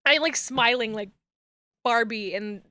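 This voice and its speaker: A woman's voice: on the high side, a little slow, sharp tone, no echo. A young woman streaming a game, chatting casually, giggly and playful with crude jokes.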